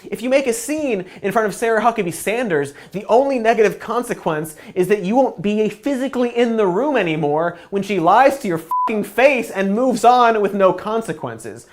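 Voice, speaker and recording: A woman hosting a comedic news commentary, sarcastic and profane, sounding exasperated with the news. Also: mid-range voice.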